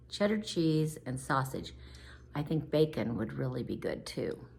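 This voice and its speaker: An older woman chatting in a homey, casual way as she walks viewers through a cooking demo. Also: fairly low pitch. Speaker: cooking vlogger.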